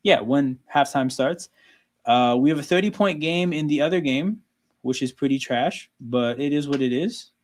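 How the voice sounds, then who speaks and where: A man from Canada hosts an easygoing livestream for watching sports together. His voice sits on the high side and moves at a normal speed, and he keeps things conversational, dropping "like" and "right?" constantly.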